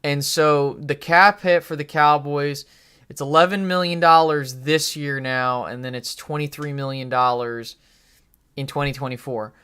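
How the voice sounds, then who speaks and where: A man's voice: on the high side, fairly even intonation, unhurried, pushed and bright, smooth. A man hosting a live sports talk stream, giving rambling, opinionated takes with frequent fillers, restarts and casual swearing. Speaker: podcast host.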